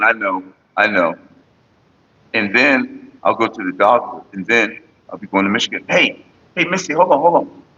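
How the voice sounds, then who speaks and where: A man's voice: mid-range voice, slightly rough, muffled recording. A man chatting casually and profanely on a morning livestream, rambling to his viewers and his partner. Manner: sings loudly and off-key at times. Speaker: vlogger.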